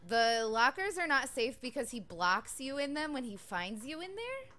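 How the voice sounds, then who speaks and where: A woman's voice: a little high, big pitch swings, a little slow, bright, forceful tone. Nervous woman streaming a horror game. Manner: nervous, anxious, swearing when scared. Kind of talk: live gaming stream chat.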